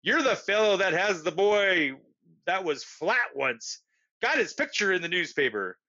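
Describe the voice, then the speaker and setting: A man voicing a stern, busy middle-aged male president who speaks briskly and formally, in a dull lo-fi recording. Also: high voice, very animated, pushed and bright, heavily acted.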